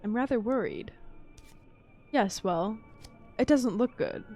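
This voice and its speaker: A woman's voice: on the high side, expressive, slow pace, darkish tone, faint music behind, heavily acted. A woman voicing an aloof older English lady with a languid, haughty drawl.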